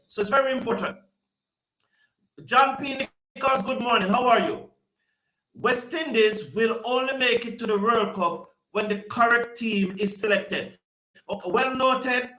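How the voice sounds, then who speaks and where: Man, high and bright, chatty stream host, echoey room. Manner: chatty, greets viewers by name, repeats himself. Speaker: host reading viewer comments. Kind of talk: casual live-stream commentary.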